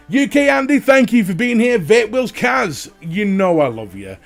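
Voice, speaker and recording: Jokey male stream host, high and animated, light music underneath. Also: creaky. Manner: jokey, animated, swears freely. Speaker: livestream host. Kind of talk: casual chat greeting viewers.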